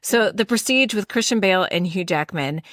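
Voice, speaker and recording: A woman's voice: mid-range voice, expressive, normal speed, fairly bright tone, no echo, studio quality. A woman co-hosting a podcast in casual chat, rambling a little and laughing often as she asks her co-host questions. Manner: rambling, with many fillers.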